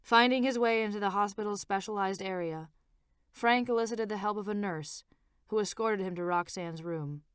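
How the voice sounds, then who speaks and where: A woman author narrating her own novel as an audiobook in a measured, expressive reading. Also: medium pitch, clean tone, dry recording, studio quality.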